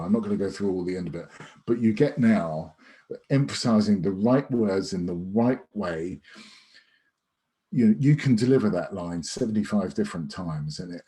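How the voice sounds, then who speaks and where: A man's voice: deep voice, dark tone. A man teaching an online sales masterclass in a conversational, emphatic way, with frequent restarts and fillers. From United Kingdom. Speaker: sales trainer. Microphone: video call.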